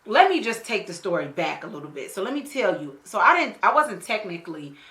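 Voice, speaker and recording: A woman's voice: medium pitch, sing-song, brisk, fairly bright tone. A woman beauty vlogger telling a personal story in a casual, slangy, profane way while doing her makeup, often checking in with the viewer. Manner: talks straight to the viewer with frequent check-ins. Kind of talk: storytelling during a makeup tutorial. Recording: echoey room.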